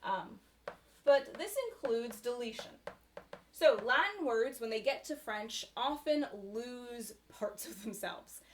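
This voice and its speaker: A woman's voice: a little high, animated, slow, slight background noise. Woman lecturing casually, fillers and tag questions. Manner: conversational teaching with many fillers and tag questions. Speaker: university lecturer. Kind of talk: recorded lecture.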